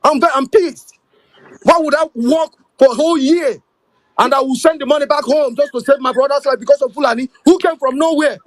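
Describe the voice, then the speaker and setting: A man's voice: very high-pitched, fast talker, no echo, low-quality recording. A man calling in to a talk show, bitter and heated, confronting the host. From Nigeria. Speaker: caller. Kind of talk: angry call-in rant.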